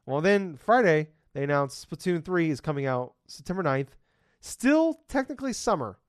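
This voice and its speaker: A man's voice: a little high, sing-song, normal speed, dry recording, clean studio sound. A man in his thirties hosting a casual podcast, rambling and ranting with lots of swearing. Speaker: podcast host.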